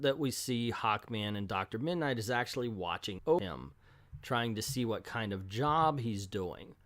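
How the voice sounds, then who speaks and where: A man's voice: mid-range voice, no echo, studio quality. A man casually reviewing an old comic book, joking irreverently and reading captions aloud.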